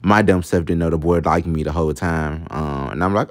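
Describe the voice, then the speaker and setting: Young male vlogger, low voice, chatty storytime delivery that keeps calling out to viewers. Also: a little fast. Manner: chatty, addresses viewers as y'all, laughs at himself. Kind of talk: casual storytime vlog.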